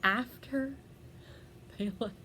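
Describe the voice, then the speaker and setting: Slow-talking woman telling a story. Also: fairly high pitch, sharp tone, a little hiss or hum. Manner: chatty, laughs often, many fillers and restarts. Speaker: podcast host. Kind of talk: casual personal storytelling.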